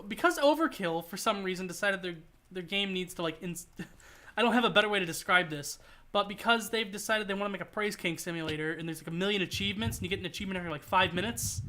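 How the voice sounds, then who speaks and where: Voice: mid-range voice, fast, sharp tone. A streamer chatting casually while gaming, rambling with lots of filler words.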